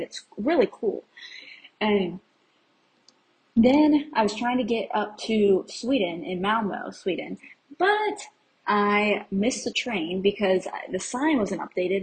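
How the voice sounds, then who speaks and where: A young American woman talks through her trip in a casual, rambling way, at a medium pitch. She laughs at her own slips and drifts between stories. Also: low-quality recording. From USA. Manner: chatty and rambling, laughing at herself. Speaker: travel podcast host. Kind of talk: casual travel recap.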